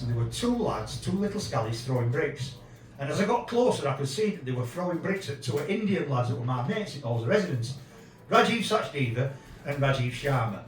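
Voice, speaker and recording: A man in his fifties with a Yorkshire accent, doing a sweary, deadpan stand-up set in a small pub room. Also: fairly high pitch, echoey room, distant mic, slight background noise, rough recording. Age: 50s. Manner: crude, swearing, deadpan storytelling. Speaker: stand-up comedian. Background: audience laughter.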